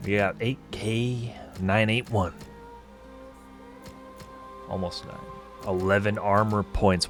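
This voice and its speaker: A man with a fairly low voice talks casually over a playthrough. He jokes, teases himself and muses aloud about loot and stats. Soft game music runs underneath. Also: fairly even intonation, slow pace, pauses often. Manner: joking and self-mocking, thinks aloud. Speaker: gaming streamer playing through a game. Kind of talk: casual let's-play commentary.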